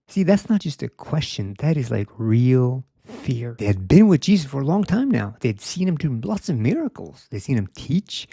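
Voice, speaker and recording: Gravelly, dark-voiced young man preaching. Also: medium pitch, big pitch swings, moderate pace, few pauses, no echo, studio quality. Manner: conversational, uses "like" often, acts out quotes. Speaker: speaker. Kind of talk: casual sermon.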